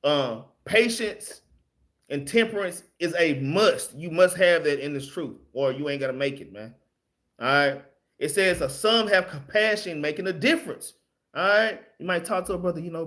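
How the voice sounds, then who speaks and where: A man's voice: fairly high pitch, normal speed, fairly bright tone. A man teaching a casual Bible study, plain-spoken and loose, often ending his phrases with "man" and letting slip some mild swearing.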